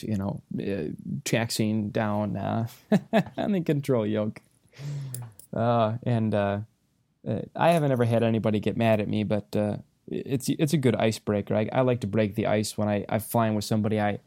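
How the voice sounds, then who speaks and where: A man's voice: on the low side, creaky, dark tone, dry recording, studio quality. A man hosting a casual podcast who tells pilot anecdotes in a rambling, good-humored way, with frequent restarts. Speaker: podcast host, airline pilot instructor. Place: hotel room.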